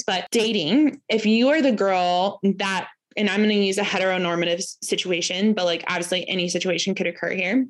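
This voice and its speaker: A woman in her thirties giving a casual spoken lesson as a course teacher, chatty, full of fillers and tag questions, acting out quoted voices. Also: fairly bright tone. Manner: acts out quoted voices with rising pitch.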